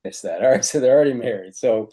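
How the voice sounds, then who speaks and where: A man co-hosting a podcast, talking over a short story in a relaxed chat and laughing often as he goes. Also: medium pitch, quick pace. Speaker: podcast co-host. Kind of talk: casual literary discussion.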